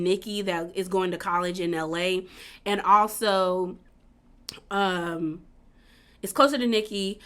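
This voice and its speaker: A chatty woman recapping a reality show in a casual video. Her voice is bright and forward, and her talk is full of fillers as she acts out quotes. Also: medium pitch.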